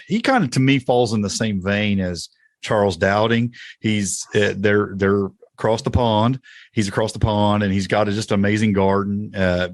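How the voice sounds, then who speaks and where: A man's voice: lowish voice, dry recording, studio quality. A man with an Indiana-Tennessee twang, co-hosting a casual podcast chat in an easygoing, chuckling way. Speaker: podcast co-host.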